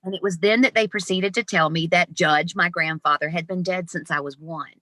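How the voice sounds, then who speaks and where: A woman in her fifties, an animated guest telling stories with laughs in an interview over a video call. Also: fairly low pitch, fairly quick, no echo. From Southern United States. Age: 50s. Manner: animated, laughing, lively storyteller. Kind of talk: storytelling interview.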